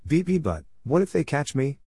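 A man's voice: on the low side, lively intonation, fairly quick, darkish tone, no room sound, clean studio sound. A man reading the lines of a nervous male bulldog going undercover in a storybook tale.

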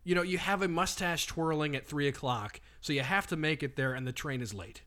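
A man co-hosting a comedy podcast, jokey and quick to laugh, building on bits. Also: fairly high pitch, bright, forceful tone. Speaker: podcast co-host. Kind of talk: casual podcast banter.

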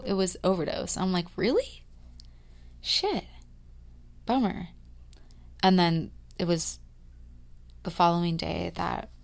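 Creaky-voiced woman musing openly. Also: fairly low pitch. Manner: rambling, confiding, full of "like" fillers, swings between hushed and loud. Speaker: podcast host. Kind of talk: reflective personal monologue.

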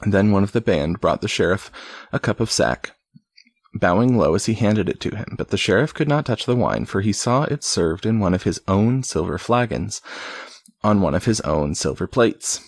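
A man reads an old storybook aloud in a casual way, slipping on words and tossing in wry comments. His voice is husky and low, recorded close and dry. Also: animated, normal speed, no room sound. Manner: stumbles and adds wry asides. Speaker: reader.

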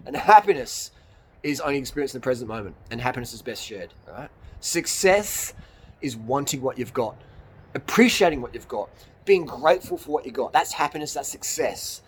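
A man's voice: mid-range voice, lively intonation, brisk, a little hiss or hum. A man, a YouTuber giving a blunt, rambling motivational rant outdoors in the hills, swearing and laughing at his own jokes. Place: outdoors in the hills on a cold evening.

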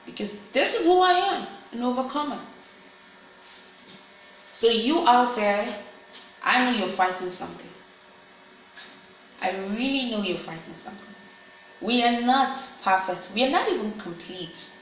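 A woman's voice: medium pitch, fairly bright tone, muffled recording, slight background noise. A woman giving an earnest, heartfelt personal monologue to her viewers. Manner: earnest, heartfelt, self-encouraging. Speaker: vlogger. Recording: very echoey room.

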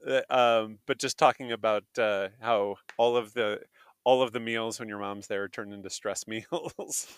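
A man's voice: fairly low pitch, steady tone, unhurried, smooth, no echo, studio quality. A man co-hosting a casual podcast, hesitant with many fillers and laughing often, recording from a restaurant. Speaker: podcast co-host. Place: McDonald's restaurant.

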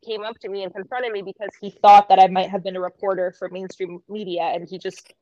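A woman's voice: medium pitch, little pitch movement, quick pace, dark tone, dry recording, dull audio. A woman from Canada, a podcast guest, telling emotional stories in casual chat and swearing freely.

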